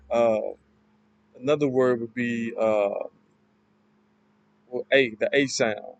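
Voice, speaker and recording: A man giving an informal class presentation, explaining in a halting, loosely worded way. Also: mid-range voice, steady tone, dry recording, highs cut off. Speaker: student presenter.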